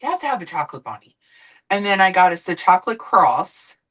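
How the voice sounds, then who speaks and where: A woman's voice: on the low side, sing-song, a little fast, a bit bright, low-quality recording. A woman streamer chatting casually while she cooks, rambling and swearing now and then. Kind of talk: casual chat while cooking.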